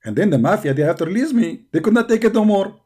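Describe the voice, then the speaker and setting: Sarcastic mellow-voiced man taunting. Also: sits high, lively intonation, fast, breathy edge. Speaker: online debater. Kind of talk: mocking stream monologue.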